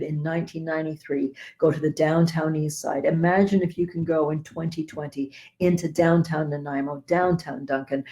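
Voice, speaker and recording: A woman, a Buddhist teacher, giving a dharma talk with animated, earnest storytelling. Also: sits low.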